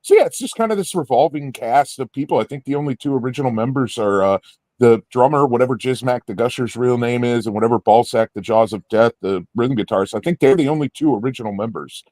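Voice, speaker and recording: A man's voice: mid-range voice, fast talker, no room sound. Man, young adult, from Indiana, casual storyteller, swears freely, dry close sound. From Indiana, USA. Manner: rambling, animated, swears freely. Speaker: podcast co-host.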